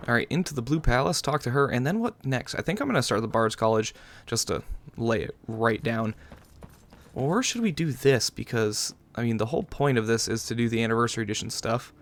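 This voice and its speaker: A man narrates his own gameplay in loose, running commentary. He is chatty and sarcastic, drifting between asides and jokes as he goes. His voice sits in an ordinary middle pitch. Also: lively intonation, brisk. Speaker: gaming channel host. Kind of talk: casual let's-play commentary.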